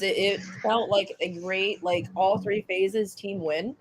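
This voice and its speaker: A woman's voice: medium pitch, steady tone, slow. A woman co-hosting a sports podcast in casual chat, frank and joking with crude language, talking while eating. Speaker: podcast co-host. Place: restaurant, eating.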